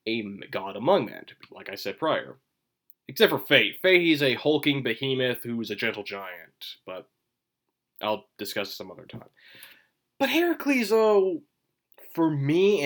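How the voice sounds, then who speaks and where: A man talks through a casual solo commentary video while chewing gum. He rambles from point to point and now and then jumps into an emphatic burst. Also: a bit bright. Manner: emphatic bursts with sudden rises in pitch. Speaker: manga commentary video host.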